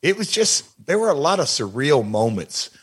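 An older man, a retired wrestler and guest, recalling backstage moments in a halting, rambling casual chat. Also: medium pitch, big pitch swings, breathy edge.

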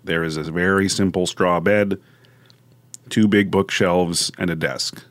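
A man's voice: low voice, fairly even intonation, unhurried, a bit bright, dry recording. A man playing a tabletop game, joking and narrating what his character does. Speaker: player. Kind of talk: casual tabletop game play.

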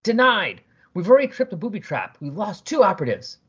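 A man's voice: high-pitched, wildly swooping pitch, fairly quick, a bit bright, breathy edge, muffled recording, voice pushed up, full character voice. A man doing a stern woman commander. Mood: firm. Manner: firm, commanding. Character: stern female squad commander.

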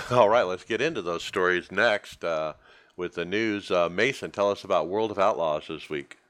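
A man with a notably deep voice hosts a casual racing podcast. He talks in a relaxed, easygoing way, tossing segments over to his co-hosts. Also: moderate pace. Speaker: podcast host. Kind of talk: casual show hosting.

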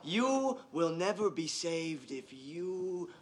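An actor playing a zealous young male preacher who commands and accuses with booming force. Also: very animated, slow pace. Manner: booming, commanding, rises to shouts. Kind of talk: film scene, intense preaching.

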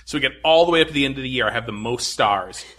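A man in casual podcast chat, his voice bright and a little husky. He tells stories in an animated way, full of fillers. His tone stays easygoing among friends. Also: mid-range voice, very fast. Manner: animated storyteller, lots of fillers.

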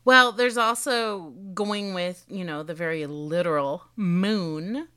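A middle-aged woman co-hosts a casual chat podcast, making dry, blunt, teasing remarks. Her voice is bright and sits a little low for a woman. She speaks slowly and unhurriedly. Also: smooth. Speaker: podcast co-host.

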